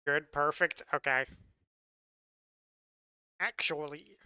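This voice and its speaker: Bright, crisp-voiced male streamer. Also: fairly high pitch, steady tone, slow, no room sound. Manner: loose and joking, laughs often, swears freely. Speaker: livestreamer. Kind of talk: casual live-stream chat.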